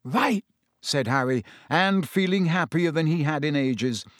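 A man narrating a storybook with a lively, expressive reading. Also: a little high, normal speed, no echo, clean studio sound. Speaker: audiobook reader.

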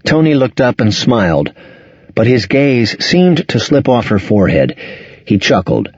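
A man narrating a novel in a measured, expressive storytelling manner. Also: lowish voice, no room sound, dull audio. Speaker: audiobook narrator. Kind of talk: scripted narration.

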